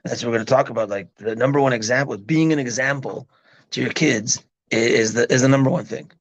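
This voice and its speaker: A man's voice: medium pitch, fairly quick. A man teaching a parenting class as a rabbi, talking casually and often checking in with his listeners. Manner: animated, keeps checking in with listeners. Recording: dull lo-fi sound.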